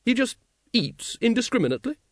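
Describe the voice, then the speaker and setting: A hearty, well-meaning noblewoman who breeds dragons, put on by a man reading an audiobook, her voice lifted well above his own and bouncing with lively intonation. She talks briskly and breezily, unflustered. The sound is close and dry. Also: very high voice, dry recording, voice pushed up. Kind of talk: audiobook character voice.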